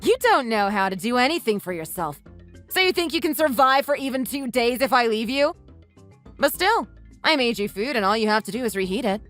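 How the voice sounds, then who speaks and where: A text-to-speech woman's voice voicing a scornful, sharp-tongued young wife who scolds her husband in a text-message story. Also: on the high side, expressive, a little fast, faint music behind. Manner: mocking, scolding.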